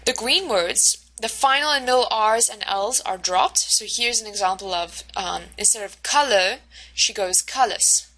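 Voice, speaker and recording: A woman's voice: medium pitch, moderate pace, few pauses, pushed and bright, poor audio. A woman teacher giving a recorded lecture over slides, explaining step by step with frequent fillers and checks like "right?".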